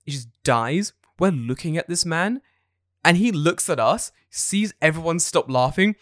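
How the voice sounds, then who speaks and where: A man's voice: on the high side, a little slow, no echo, clean studio sound. A young adult man hosting a podcast, telling stories in casual chat with lots of swearing and acted-out quotes. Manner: animated, swearing storyteller who acts out quotes. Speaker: podcast host.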